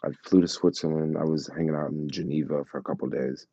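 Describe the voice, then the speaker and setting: Deep husky guy chatting travel stories, dark mellow tone, kinda dull lo-fi mic. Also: quick pace, dry recording. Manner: animated, acts out quoted voices, laughs, slangy. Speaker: vlogger telling travel stories to live chat. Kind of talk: casual storytelling chat.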